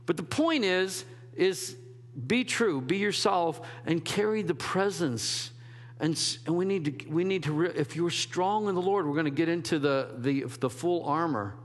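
A man's voice: on the high side, normal speed, big-room sound. A man preaching a sermon as a pastor, in a conversational, rambling way with restarts and quoted asides.

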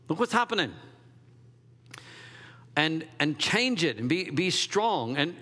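A man preaching a sermon in an animated, conversational way, slipping into quick acted asides. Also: on the high side, breathy edge, in a large hall. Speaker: pastor.

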